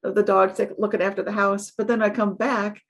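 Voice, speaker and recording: Woman guest, author type, slightly husky, mid pitch, calm explainer. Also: a little fast. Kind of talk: casual interview chat.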